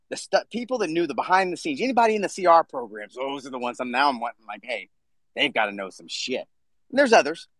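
A man's voice: mid-range voice, a bit bright, no echo. A man hosting a casual live audio chat, talking bluntly and swearing freely. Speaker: podcast host.

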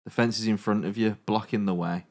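A man's voice: on the low side, steady tone, fairly quick, darkish tone. A man hosting a comedy podcast, reading a choose-your-own-adventure story aloud with dramatic narration broken by jokes.

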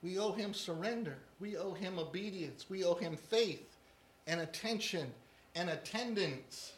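A man's voice: sits high, a little slow. A man preaching a sermon as pastor, emphatic and fond of repeating key phrases. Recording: echoey room.

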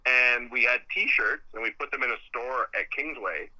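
A man from Canada, a podcast guest, telling animated stories in casual chat, swearing freely and acting out quoted dialogue. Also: medium pitch, normal speed, rough recording.

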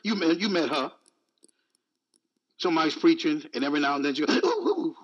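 A man's voice: a little high, a little fast, dull audio. A male preacher giving an emphatic, repetitive sermon, mixing in jokes.

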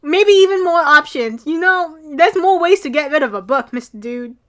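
A young woman with a high voice chats casually as a co-host. She sounds playfully bewildered and teases in a mock-scolding way. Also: expressive, moderate pace, a bit bright. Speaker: podcast co-host. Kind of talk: casual chat recapping a drama.

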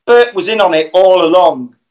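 A man with a high voice retells a plot to his co-hosts. The delivery is casual and animated, and he chuckles along as he goes. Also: normal speed, muffled recording. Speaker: podcast host.

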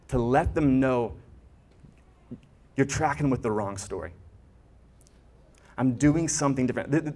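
A man's voice: medium pitch, a little mellow. A man preaching as a pastor, earnest, with restarts and emphatic rises. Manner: earnest, builds to emphatic peaks, stammers on restarts. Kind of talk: sermon.

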